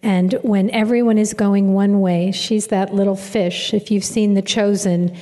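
A woman introduces the next speaker at a church women's seminar, speaking with fond affection. Her voice is mellow and soft-toned. It rings out through a reverberant hall. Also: mid-range voice, fairly even intonation, a little slow. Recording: echoey hall.

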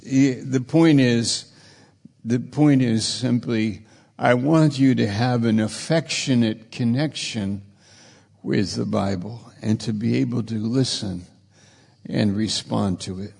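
Slow gravelly guy preaching, says things over and over, long echo like a big church hall. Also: mid-range voice, darkish tone. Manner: repetitive, emphatic phrasing. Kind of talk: sermon.

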